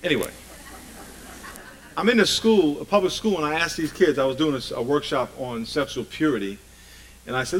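A man's voice: on the high side, brisk, long pauses, poor audio. A man preaching a sermon emphatically, often asking the congregation rhetorical questions.

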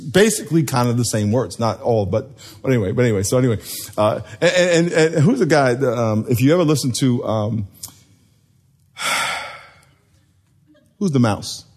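A man's voice: mid-range voice, animated, normal speed, long pauses, a little mellow. A man preaching a sermon to a live congregation, joking and quizzing the people in front of him. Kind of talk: sermon with call and response.

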